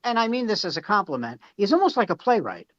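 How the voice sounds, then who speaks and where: A man's voice: sits high, very animated, fast talker, a bit bright, no echo. A middle-aged male comedian telling rambling, profane backstage anecdotes in casual chat, with frequent restarts. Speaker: stand-up comedian. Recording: slightly muffled dry recording.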